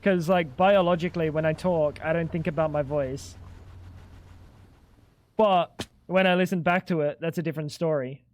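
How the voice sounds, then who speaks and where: A young man with a fairly high voice, chatting loosely while he plays a game on a livestream. He jokes, teases, and riffs back at his viewers in a relaxed, casual way. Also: moderate pace, long pauses. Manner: joking, chatty, talks back to chat. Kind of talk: casual gaming stream chat.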